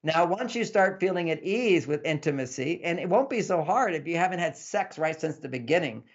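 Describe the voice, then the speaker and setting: Brief: man, relationship author as interview guest, gravelly, slightly high, animated, lo-fi sound. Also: a little fast. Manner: animated, acts out couples' dialogue in varied voices. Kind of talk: explanatory interview talk. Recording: dull lo-fi sound.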